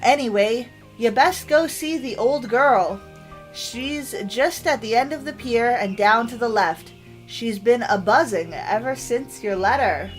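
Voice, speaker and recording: A woman putting on a booming old sea skipper. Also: sing-song, slow pace, darkish tone, soft background music, exaggerated voice. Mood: hearty. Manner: booming, clumsy attempt at a sailor accent. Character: jolly old male ship skipper.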